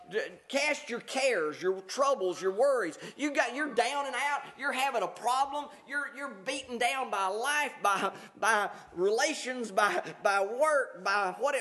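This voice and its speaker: A pastor preaching a conversational sermon, reading scripture aloud and explaining it with frequent fillers and restarts. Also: male voice, very high voice, sharp tone.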